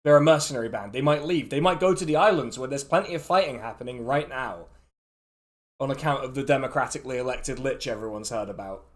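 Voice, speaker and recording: A man, running a tabletop game as dungeon master, chatty and quick to laugh, often restarting his sentences. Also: medium pitch.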